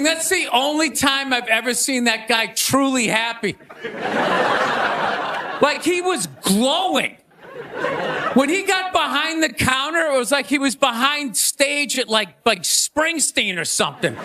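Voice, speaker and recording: A man doing a loud, ranting stand-up set on a theater stage, shouting his punchlines. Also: very high voice, animated, measured pace. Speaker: stand-up comedian. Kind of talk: stand-up monologue. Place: theater stage before a laughing audience. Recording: live show with audience laughter and noise.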